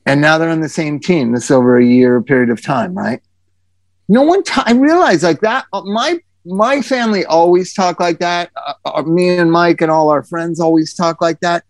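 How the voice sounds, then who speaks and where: A man in casual chat who tells lively stories, swears freely and breaks into quick asides. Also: on the high side, no echo.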